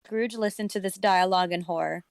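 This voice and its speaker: Podcast co-host, woman, casual storybook reader, smooth clear voice, dry close sound. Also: lowish voice, brisk, no echo. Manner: plain, even narration with joking asides. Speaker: podcast co-host reading aloud. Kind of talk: casual comedic storybook reading.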